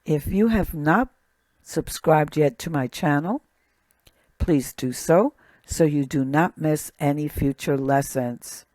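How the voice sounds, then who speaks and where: A woman teaching a recorded language lesson, speaking slowly and deliberately and repeating each word. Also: low voice, a little mellow, no room sound. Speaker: Hebrew teacher.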